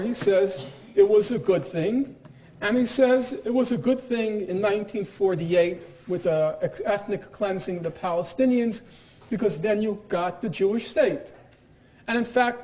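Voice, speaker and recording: A man's voice: sits high, darkish tone. A middle-aged man giving a university lecture in an emphatic, argumentative way, with pointed irony. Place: lecture hall.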